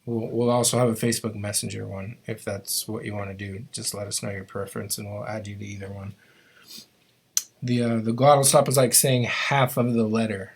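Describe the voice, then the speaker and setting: A man teaching a live online language class, explaining sounds patiently and step by step. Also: lowish voice.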